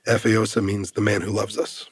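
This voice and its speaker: A man's voice: fairly low pitch, flat delivery, moderate pace, husky, no room sound. A man in his thirties from the United States, a podcast guest telling a heartfelt personal story in an earnest way, full of "like" fillers and restarts.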